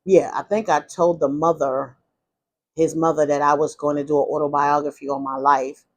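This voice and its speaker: A woman's voice: low voice, level tone, normal speed. Woman vlogger confiding her life story; loose, frank, full of restarts. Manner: rambling and frank, with many restarts and asides. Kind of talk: candid casual storytelling.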